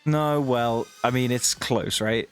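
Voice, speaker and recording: A man's voice: mid-range voice, slow pace, faint music behind. A young British man chatting casually to his viewers on a live stream, rambling and laughing often.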